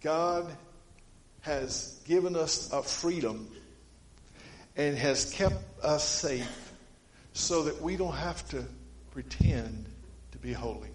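A man preaching a sermon, his voice a bit higher than most men's. He tells folksy stories, swinging from emphatic to hushed. The sound is roomy and echoey, like a church. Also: slow.

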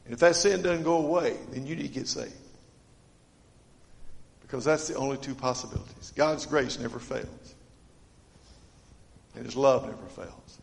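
A man preaching a sermon to his congregation, earnest and dynamic, swinging from loud appeals to hushed, quiet lines. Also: mid-range voice, normal speed, vocal fry, long pauses. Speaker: pastor. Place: church. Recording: long reverb of a church sanctuary.

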